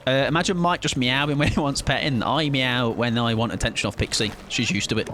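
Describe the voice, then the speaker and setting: A man's voice: mid-range voice, fast talker, hardly any pauses, noisy background. A man streaming a game live, chatting with his viewers in a casual, jokey way. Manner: chatty, jokey, reads chat aloud. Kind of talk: casual live-stream chat while gaming.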